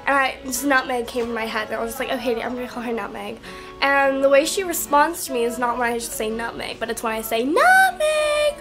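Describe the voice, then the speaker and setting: A woman's voice: fairly high pitch, quick pace, few pauses, music in the background. A young woman vlogger telling a story to her camera in a casual, rambling way, full of fillers and swearing.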